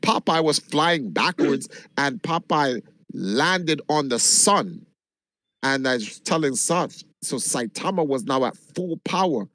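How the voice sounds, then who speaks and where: A man from Jamaica, a livestreamer, telling a long story in an animated, casual way and swearing freely. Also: fairly high pitch, slow, dry recording. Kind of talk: casual chat.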